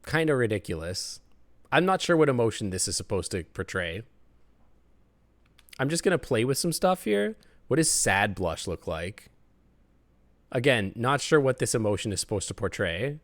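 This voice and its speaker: A man's voice: mid-range voice, big pitch swings, normal speed, long pauses, no room sound. A man commentating a game on a live stream, playful and joking. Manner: playful, joking, laughs often.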